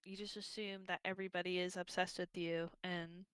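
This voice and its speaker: A woman's voice: on the low side, flat delivery, brisk, a bit bright, clean tone, no room sound. A young woman co-hosting a casual book club livestream, talking bluntly with lots of fillers and some swearing.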